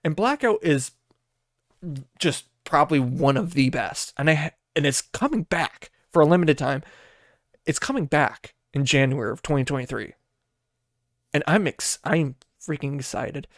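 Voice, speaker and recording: A man from the US Midwest hosts a loose, rambling podcast monologue, swearing freely and laughing at himself. His voice sits a bit high for a man. The sound is dry and close, with no room around it. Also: expressive, normal speed, dry recording. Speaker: podcast host.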